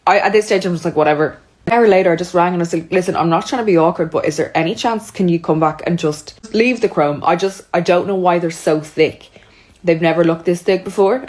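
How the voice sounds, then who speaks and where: A woman's voice: lowish voice, brisk, a little mellow. A young woman telling a chatty, exasperated storytime, acting out both sides of every exchange. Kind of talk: storytime monologue.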